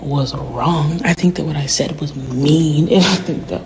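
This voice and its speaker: A woman in a candid, rambling, profane monologue, often dropping to a hushed whisper. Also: sits low, a little slow, a crowd in the background. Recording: noisy background.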